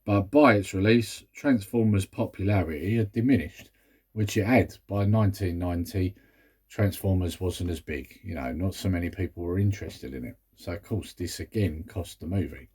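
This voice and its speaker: Low husky british guy rambling about a movie, bit exasperated. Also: moderate pace, a little mellow. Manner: chatty, rambling, exasperated asides. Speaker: movie review vlogger. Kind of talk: casual chat.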